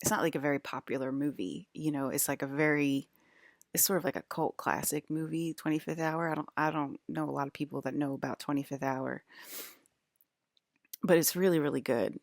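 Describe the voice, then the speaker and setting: A low-pitched woman with a gravelly, creaky voice talks straight to her audience. She drifts from one thought to the next, stopping and restarting sentences. The sound is dry and close. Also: steady tone, fairly quick, no room sound. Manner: rambling, restarts, drifts between topics. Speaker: broadcaster. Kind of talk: rambling monologue to viewers.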